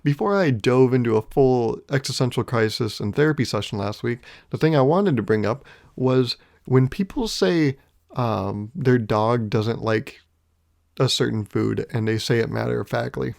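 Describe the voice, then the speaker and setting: A man's voice: medium pitch, moderate pace, creaky, darkish tone. A man hosting his own podcast, musing in a wry, rambling way, swearing casually and chuckling often. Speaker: podcast host. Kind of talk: casual solo podcast monologue.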